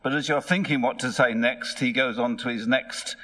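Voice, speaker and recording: A middle-aged man preaching a sermon in church, telling the story in a lively way and putting on voices for its characters. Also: medium pitch, moderate pace.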